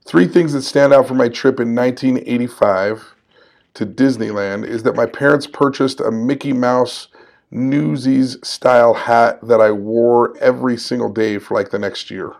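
A man in his forties with a middle-pitched, gravelly voice hosts a solo podcast. He talks in a conversational, upbeat way, encouraging his listeners and laughing at himself now and then. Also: steady tone, normal speed, darkish tone. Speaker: podcast host.

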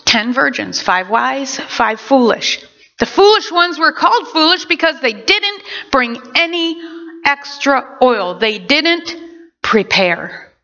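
A woman pastor preaching a sermon in an animated way, with quick asides to her congregation. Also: high-pitched. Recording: dull lo-fi recording.

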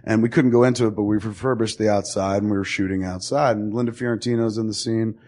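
A man's voice: lowish voice, steady tone, fast talker, darkish tone. A man in his forties hosting a podcast, telling long, profane stories and laughing as he goes. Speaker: podcast host. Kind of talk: casual storytelling.

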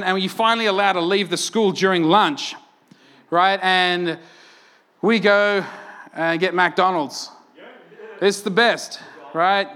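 A man's voice: fairly high pitch, fairly bright tone, smooth. A young adult Australian man preaching a sermon in a conversational, self-mocking storytelling way, often asking "right?". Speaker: pastor.

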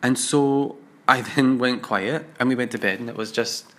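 A man's voice: mid-range voice, moderate pace, fairly bright tone. Wry man telling a story. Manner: wry, confiding, acts out other voices in quotes. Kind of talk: first-person storytelling monologue.

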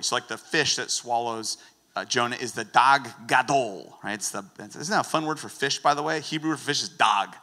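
A man with a bright, mid-pitched voice teaches from a church stage, playful and conversational. He keeps his explanations lively and quick with little jokes. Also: big-room sound. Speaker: guest preacher. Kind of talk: sermon.

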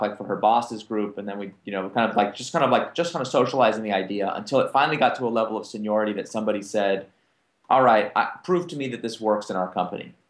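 A man speaking on a conference panel, telling business anecdotes and acting out the other people's lines in lively back-and-forth. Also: fairly low pitch, echoey room. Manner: animated, acts out quoted dialogue. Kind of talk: anecdotal storytelling to an audience.

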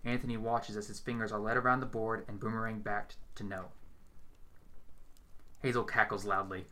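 A man reading a horror story aloud in a steady, measured storytelling voice. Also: on the low side. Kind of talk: dramatic horror story narration.

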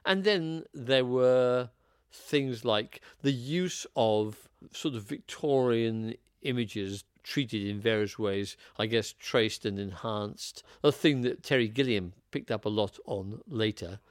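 A man's voice: medium pitch, takes it slowly, clear, resonant tone, no room sound, clean studio sound. A man in an interview clip, reminiscing with reflective enthusiasm. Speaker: animator.

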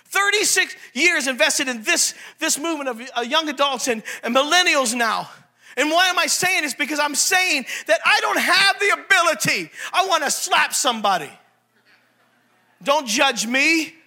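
A preacher man delivers his sermon with animated energy, shouting at times and slipping into little character voices. His voice sits very high with a sharp, bright edge. He sounds like a man in his fifties. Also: normal speed.

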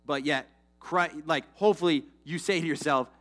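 A young man preaches a sermon in a casual, animated, conversational style, often turning aside to address the congregation. His voice sits on the high side, and he speaks at a normal speed.

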